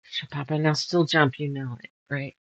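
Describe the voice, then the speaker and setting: A woman's voice: deep voice, steady tone, moderate pace, no echo, muffled recording. A woman hosting a casual sew-along, muttering measurements and chatting while she sorts fabric pieces. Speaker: quilting channel host.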